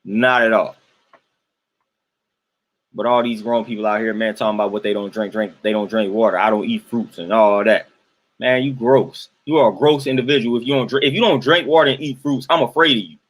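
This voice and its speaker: A young man rants on a live stream, responding to chat with exasperated emphasis and repeating himself for effect. He speaks a little fast at medium pitch.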